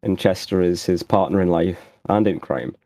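Player, male, low, mellow, rambling jokes, dry sound. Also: moderate pace, no echo. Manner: rambling, jokey. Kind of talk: casual tabletop game chat.

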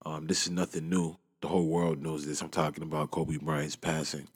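A man in his twenties hosts a podcast alone, his extremely low voice flat and brisk with a breathy edge, and a long reverb tail trails behind. Shaken and upset, he rambles through a loose, casual monologue, constantly saying "you know what I'm saying."

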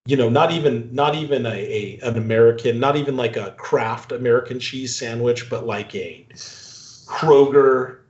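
A man's voice: mid-range voice, moderate pace, darkish tone. A man co-hosting a casual movie review chat, ranting profanely and laughing often. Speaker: podcast co-host. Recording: echoey, dull lo-fi room sound.

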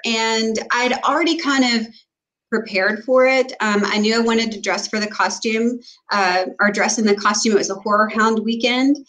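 A woman chatting casually as a co-host. Her voice sits at an ordinary middle pitch, and she tells her stories at an easy pace, full of ums, restarts and asides. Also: fairly bright tone, low-quality recording. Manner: storytelling with many fillers and restarts. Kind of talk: casual chat.

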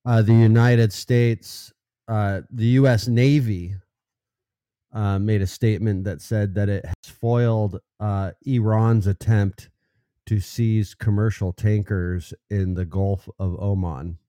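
Slow halting sarcastic man. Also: on the low side, steady tone, dark tone, smooth, no echo, studio quality. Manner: halting, stammering restarts, sarcastic. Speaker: co-host. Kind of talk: casual live news chat.

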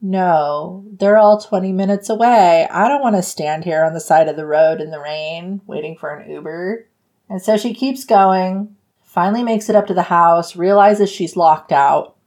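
Woman, book podcast host, casual chat, animated storytelling, laughs often. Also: lowish voice, moderate pace. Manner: animated retelling with acted-out quotes and frequent laughs.

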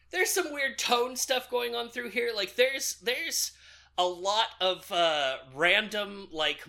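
Bright-voiced man recapping a movie. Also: sits high. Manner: loose, jokey retelling with many fillers and laughs. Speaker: podcast co-host recapping a film. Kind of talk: casual movie recap chat.

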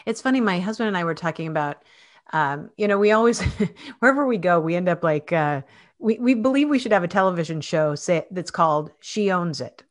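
A woman's voice: fairly low pitch, expressive, a little fast. A woman in her fifties hosting a casual interview, chatty and full of restarts. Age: 50s. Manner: chatty, many restarts and fillers. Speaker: host.

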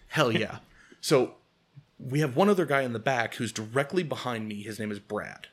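A man's voice: mid-range voice, a little fast, a bit bright, husky. A man telling a comic personal story as podcast host, acting out quotes, swearing and laughing often.

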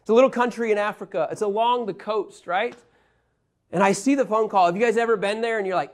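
A man delivers a Bible lesson in a preaching style, his voice sitting fairly high for a man. He tells stories with energy, pushing some lines out loudly and dropping others to near asides. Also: fairly quick. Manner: animated storyteller, shifts between loud emphasis and quiet asides. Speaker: Bible teacher.

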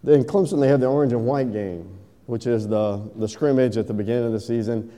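Male preacher, warm and mellow, big hall echo; jokey then solemn. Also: medium pitch. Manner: joke-telling, then slow and solemn. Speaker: pastor. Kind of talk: sermon. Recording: echoey hall reverb.

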